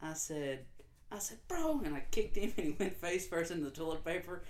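A man's voice: a little high, a little fast. A man co-hosting a casual podcast, telling stories animatedly with slang and frequent laughs. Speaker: podcast co-host. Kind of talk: casual chat, storytelling.

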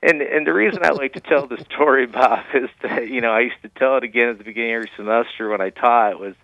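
A man's voice: medium pitch, quick pace, vocal fry, no echo. Financial advisor guy calling in, folksy, lots of you-knows, dry phone sound. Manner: folksy, many fillers. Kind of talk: phone-in radio guest, storytelling. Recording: tinny phone line.

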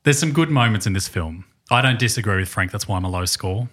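A man co-hosting a film podcast, giving his views in a measured, somewhat hesitant way. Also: lowish voice, expressive, fairly bright tone, husky. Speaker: podcast co-host. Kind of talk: casual chat.

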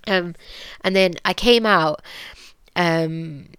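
Young British woman, earnest storyteller; low, smooth and dry. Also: extremely slow, a bit bright, no room sound. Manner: candid, earnest, many fillers and restarts. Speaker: podcast guest sharing her story. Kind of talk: personal storytelling.

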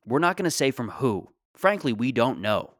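A man's voice: medium pitch, big pitch swings, moderate pace, dry recording, studio quality. A man in his late twenties hosting a solo podcast, talking casually in a rambling, joking, self-deprecating way. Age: 20s. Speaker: podcast host.

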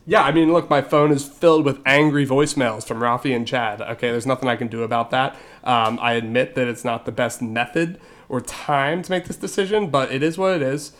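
A man's voice: mid-range voice, brisk, fairly bright tone. A man co-hosting a casual fantasy football podcast, explaining league rule changes in a hesitant way with many fillers and restarts. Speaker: league commissioner and podcast co-host.

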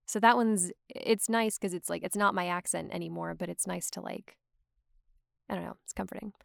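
A young adult woman voice actor from Georgia, USA, guests on a casual podcast, speaking in a lowish, steady, creaky voice at a moderate pace. The clean studio sound has no echo. She chats in a rambling way, peppered with "like" and frequent laughter.

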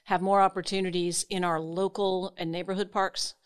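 Woman, 40s, from South Louisiana, smooth low-ish voice, informative guest. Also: little pitch movement, moderate pace. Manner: informative, easygoing. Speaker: guest, tree organization director. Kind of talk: casual interview talk.

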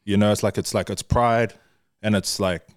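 A man's voice: on the low side, steady tone, moderate pace, no echo, clean studio sound. A young man with a New Zealand accent, a podcast guest who talks candidly, swears freely and laughs often in casual chat. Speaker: guest, social media influencer.

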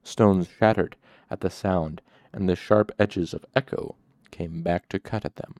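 Deep gravelly male audiobook narrator. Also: a little slow, darkish tone, no echo. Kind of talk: audiobook reading.

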